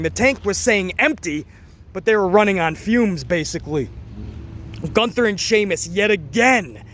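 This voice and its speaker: A man with a fairly high voice talks through a wrestling show in loose, rambling commentary. He gets excited and swears freely, and his pitch climbs when something thrills him. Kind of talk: casual commentary.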